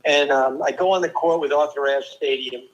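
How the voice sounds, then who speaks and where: An older man from New Jersey, a former tennis player and guest, telling lively stories with quick asides and restarts. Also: a little high, dull audio. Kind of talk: casual storytelling interview.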